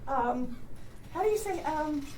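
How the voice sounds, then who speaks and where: A woman in the audience telling a short story to the workshop, chatty, pausing with fillers. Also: high voice, animated. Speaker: audience member. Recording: distant mic in an echoey room with crowd noise.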